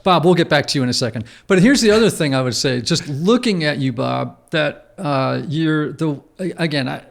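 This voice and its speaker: A man's voice: on the high side, expressive, normal speed, vocal fry. A man hosting a podcast interview, affirming and reflective as he responds to his guest. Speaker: podcast host.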